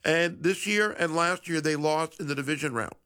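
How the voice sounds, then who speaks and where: A man's voice: a little high, moderate pace, sharp tone. A middle-aged man hosting a sports talk show, chatting casually and wryly, sometimes correcting himself mid-sentence. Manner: chatty, self-correcting, wry. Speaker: sports radio host.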